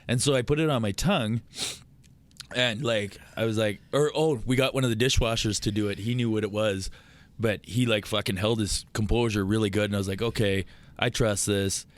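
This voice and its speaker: A man, a podcast guest telling profane, animated stories in casual chat. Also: lowish voice, moderate pace. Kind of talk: casual storytelling.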